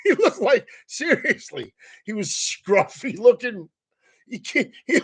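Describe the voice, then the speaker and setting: A man with a high, husky voice rants casually like a comedian. He swears constantly and laughs his way through his sentences. The delivery is loose, animated and profane. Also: slow.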